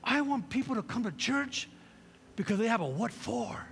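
A man's voice: extremely high pitch, expressive, moderate pace, vocal fry, big-room sound. A man pastor preaching a sermon, fervent and full of repeated rhetorical questions.

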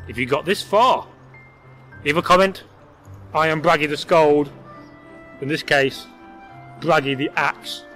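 A man's voice: on the high side, sharp tone. A man hosting and telling a folk tale, playful, with chatty asides to his viewers. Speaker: host and storyteller.

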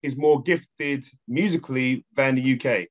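A man interviewing a guest in a casual chat, encouraging him with frequent soft agreement. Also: mid-range voice, moderate pace. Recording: dull lo-fi sound.

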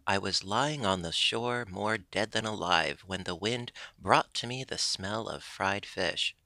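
A loyal, hungry male dog, read by a man from a storybook. He speaks calmly and plainly in a low, gravelly voice with a bright edge. The sound is close and dry. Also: measured pace, no echo.

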